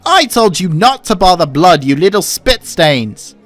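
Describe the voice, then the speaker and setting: A hot-headed young male gangster, voiced by an actor for an audiobook. He growls and snaps with a gruff edge, his pitch swinging widely. Faint music plays underneath. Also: big pitch swings, moderate pace, dry recording, natural voice. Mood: irritated. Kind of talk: audiobook character voicing.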